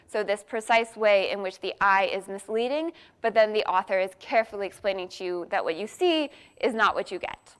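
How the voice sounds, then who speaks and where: A woman's voice: mid-range voice, normal speed, clean tone. A woman giving an academic conference talk, explaining points step by step with frequent fillers and restarts. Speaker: workshop speaker.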